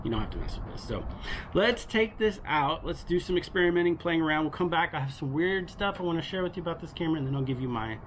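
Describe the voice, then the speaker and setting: A man casually vlogging through a camera review, chatty and relaxed and laughing easily, recorded on a built-in action camera mic. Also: on the high side, fast. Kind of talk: casual vlog chat. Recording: noisy outdoor action-camera audio.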